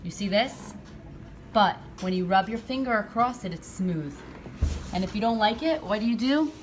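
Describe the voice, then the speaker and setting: A woman's voice: mid-range voice, lively intonation, normal speed, slight background noise. A woman casually chatting to the camera as she fixes up and paints a front door, upbeat and talkative. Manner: chatty and upbeat, talks to camera while working. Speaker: home renovation vlogger. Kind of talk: casual DIY vlog.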